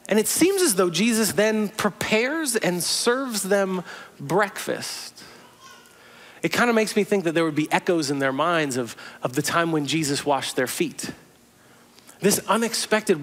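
A male pastor preaching in a relaxed, conversational way. He tells the story as if picturing it out loud, with casual asides along the way. His voice sits high for a man. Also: unhurried. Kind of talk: sermon.

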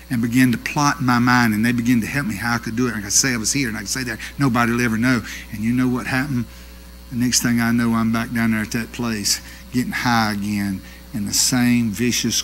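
A middle-aged man, preaching a sermon with animated storytelling that swings from loud to hushed. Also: mid-range voice, a little hiss or hum.

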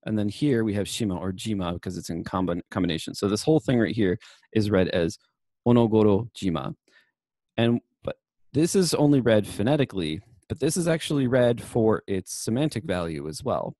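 A man's voice: on the low side, lively intonation, fairly quick, dark tone, dry recording. A young man giving a casual university lecture on literature, chatty and full of fillers and self-corrections.

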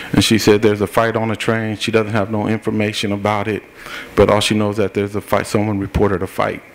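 A middle-aged man, an activist at a public forum, giving a plain-spoken personal account step by step and acting out what each person said. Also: fairly low pitch. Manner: plain-spoken, recounts events step by step and acts out what people said. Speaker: activist speaking at a political forum. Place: forum meeting room.

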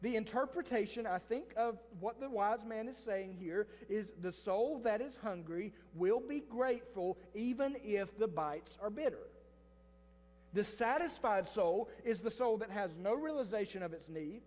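A pastor preaching a sermon in church, telling a story with restarts and asides to the congregation. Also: male voice, sits high, animated, unhurried, darkish tone, long reverb tail. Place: church sanctuary.

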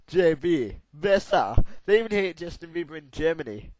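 A man commentating a game while sick, excitable, yelping and humming as he plays. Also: on the high side, measured pace, no echo, rough recording. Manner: excitable, yelps and hums tunelessly while playing. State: sick, losing his voice. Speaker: gameplay commentator. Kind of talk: let's play commentary.

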